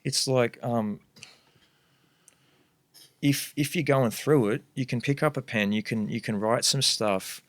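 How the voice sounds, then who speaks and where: A man's voice: medium pitch, measured pace, pauses often, no echo. A young man talking as a guest MC on a casual podcast, earnest and rambling as he thinks aloud.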